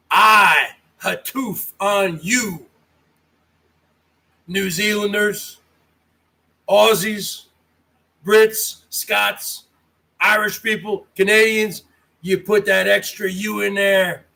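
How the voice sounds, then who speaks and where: A man's voice: sits high, flat delivery, slow, creaky, bright, forceful tone. An American man hosting a casual livestream, reading chat and taunting viewers by name. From United States. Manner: mocking, taunting, talks straight to chatters.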